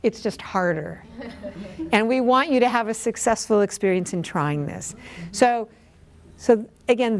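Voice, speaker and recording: Female workshop leader, clear and instructive, slightly high voice, explaining an exercise. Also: darkish tone.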